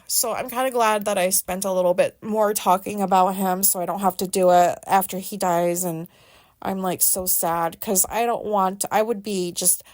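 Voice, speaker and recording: Rambling, teary woman podcaster. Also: medium pitch. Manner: rambling, hesitant, many fillers and restarts, swears casually. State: sad, teary. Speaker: podcast host. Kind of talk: casual personal monologue.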